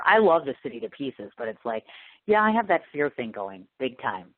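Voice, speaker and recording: A woman's voice: very deep voice, big pitch swings, brisk. A woman from the Midwest hosting a radio interview show, bubbly and gushing in casual chat. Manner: bubbly, gushing, self-deprecating. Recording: tinny phone-line radio sound.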